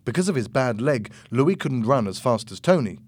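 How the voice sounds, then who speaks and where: A man narrating an audiobook chapter in a slow, measured, clear reading. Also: mid-range voice, very animated, a little mellow, no room sound.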